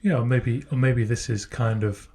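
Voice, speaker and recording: Man, podcast co-host, husky, mellow tone, thoughtful casual chat. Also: medium pitch, fairly even intonation, normal speed. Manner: thoughtful, speculative, frequent restarts.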